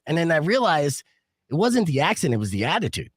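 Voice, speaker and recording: A man's voice: on the high side, big pitch swings, fast, husky, no echo. A man from New Jersey hosting a radio morning show podcast, talking in a brash, casual way and swearing freely.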